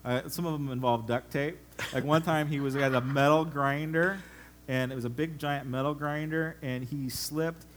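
Middle-aged male pastor, lively storyteller, easy mid-range voice, faint hum behind. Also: mid-range voice. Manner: animated storyteller, acts out voices, laughs often. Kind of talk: conversational sermon with stories.

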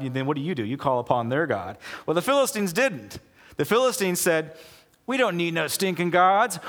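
A man preaching a casual sermon as pastor, telling the story in an animated way and acting out the people in it. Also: mid-range voice. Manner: animated storytelling, acts out quoted voices. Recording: long hall reverb.

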